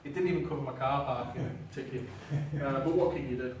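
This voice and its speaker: Speaking to a hall audience, this man talks about his paranormal investigations in a loose, chatty way, with many ums and jokes at his own expense. His mid-range voice is a little fast and a little mellow, captured from afar by a clip-on mic in a very echoey, noisy hall.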